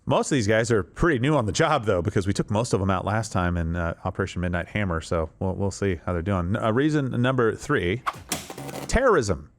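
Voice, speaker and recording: A man's voice: on the low side, fairly quick. A man hosting political commentary in an emphatic, sarcastic way. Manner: emphatic, sarcastic, animated delivery. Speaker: host.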